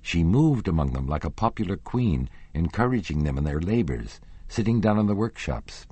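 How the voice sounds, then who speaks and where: A man reading a classic novel aloud as an audiobook narrator, measured and expressive, softening his voice for quoted lines. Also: low-pitched, husky, no room sound.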